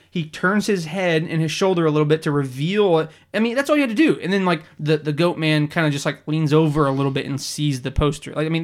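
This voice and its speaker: Podcast co-host, male, fairly high voice, excitable and animated storyteller. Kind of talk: casual chat.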